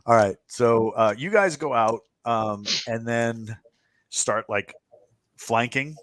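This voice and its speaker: A man narrating as game master of a streamed tabletop game, relaxed, with many fillers and easy laughs. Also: mid-range voice, slow, no echo.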